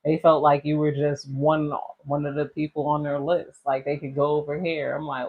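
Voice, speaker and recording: A woman's voice: low voice, level tone, moderate pace, hardly any pauses, slightly rough, narrow, tinny audio. A woman giving a casual tarot reading, rambling and slangy and laughing often as she talks. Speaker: tarot reader.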